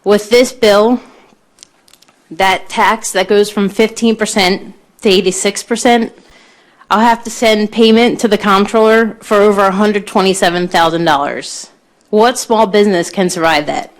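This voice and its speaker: A woman's voice: medium pitch, fairly even intonation, measured pace. A woman, a small shop owner, giving earnest public testimony at a legislative hearing. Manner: earnest, pleading, grows tearful.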